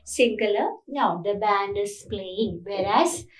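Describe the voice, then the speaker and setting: A woman's voice: mid-range voice, takes it slowly, distant mic. A woman with an Indian English accent, a college lecturer explaining with many repeats and fillers. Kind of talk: classroom lecture. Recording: echoey room, voice away from the mic.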